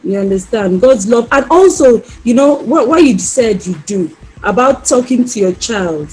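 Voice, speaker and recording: High-voiced woman, animated, over music. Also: moderate pace, slightly rough. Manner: animated storyteller, laughs often, acts out her children's voices. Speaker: podcast co-host. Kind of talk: casual faith-based chat on parenting. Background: soft background music.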